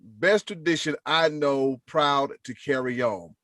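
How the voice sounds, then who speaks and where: Male sports podcast host, mid pitch, playful listener-mail reader, dry close mic. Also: expressive, moderate pace, no room sound. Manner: playful, reads listener messages aloud with emphasis. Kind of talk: casual sports podcast chat.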